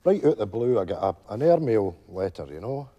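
An actor playing an older widowed Glasgow pensioner with a Glaswegian Scottish accent, telling a rambling stage monologue full of "you know" asides. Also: male voice, lowish voice, big pitch swings, fairly quick, warm tone, dull audio. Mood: wistful storytelling. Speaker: stage character telling a story to friends.

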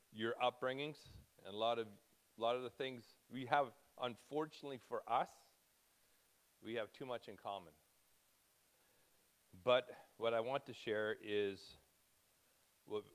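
A man's voice: lowish voice, a bit bright. A man in his fifties speaking to a congregation in a loose, chatty way. He jumps between thoughts, restarts sentences and sounds close to tears at times. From Canada. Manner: rambling, self-interrupting, emotional. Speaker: preacher. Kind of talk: informal church talk.

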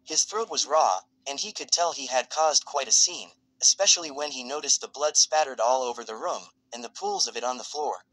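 A man reading fan fiction aloud as a narrator in a steady, even storytelling voice. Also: medium pitch, brisk, few pauses, dry recording, low-quality recording.

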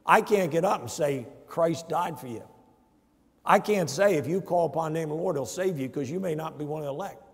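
A man's voice: fairly high pitch, a little fast, breathy edge. A man, a pastor, preaching a sermon emphatically and putting rhetorical questions to his congregation in a church. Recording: long church reverb.

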